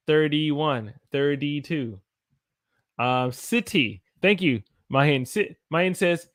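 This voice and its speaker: A man's voice: fairly high pitch, lively intonation, unhurried, a bit bright, no room sound. A man with an American accent giving a casual livestream English pronunciation lesson, repeating words to demonstrate them. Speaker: English teacher.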